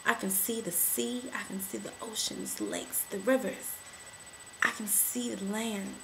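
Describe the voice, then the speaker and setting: Impassioned woman chanting slow affirmations. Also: mid-range voice, vocal fry, background noise. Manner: impassioned, repetitive affirmations, rising to shouts. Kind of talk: emotional testimony to camera.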